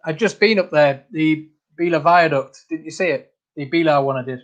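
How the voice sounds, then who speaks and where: A man's voice: fairly high pitch, moderate pace, dull audio. A man hosting a casual livestream, reading out viewer comments, laughing often and calling people mate. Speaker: channel host.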